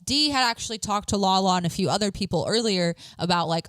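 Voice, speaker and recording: A woman's voice: mid-range voice, fast, few pauses, no echo. A woman co-hosting a podcast, recapping a reality show in casual chat and acting out what people said. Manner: animated, acts out quotes in exaggerated voices. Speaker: podcast co-host.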